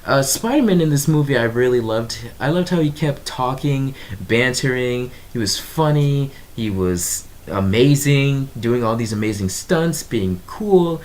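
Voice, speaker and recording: A young man giving a casual movie review, animated and exasperated, with lots of ums and fillers. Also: medium pitch. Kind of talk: casual video review monologue.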